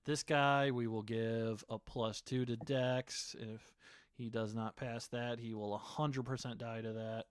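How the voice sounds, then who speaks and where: Slow, smooth-voiced man running a game. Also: medium pitch, fairly even intonation, dry recording, studio quality. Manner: unhurried, filler-heavy narration. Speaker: game master. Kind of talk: narrating a tabletop game over voice chat.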